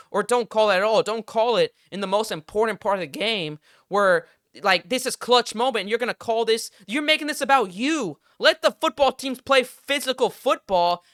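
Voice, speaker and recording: A man's voice: high voice, a bit bright, no room sound, studio quality. A young man hosting a podcast, ranting in heated, frustrated casual sports commentary and swearing freely. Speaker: podcast host.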